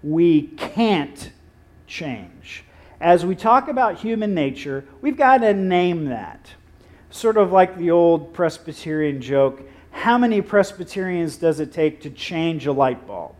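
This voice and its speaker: A male pastor preaching a sermon, telling stories with acted-out quotes and dramatic pauses. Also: on the high side, lively intonation, a little mellow.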